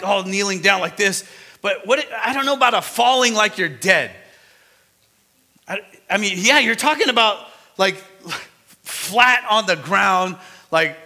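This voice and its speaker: Bright-voiced man preaching with emphasis. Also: high voice, in a large hall. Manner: animated, emphatic preaching with sudden rises and drops. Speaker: pastor. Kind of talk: sermon.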